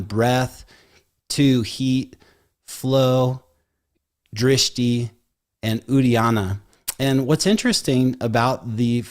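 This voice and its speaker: A man co-hosts a live yoga podcast. He talks in a relaxed, chatty way, with loose fillers, as he lays out the topic and turns to the host with questions. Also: medium pitch. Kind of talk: live podcast talk, presenting and interviewing.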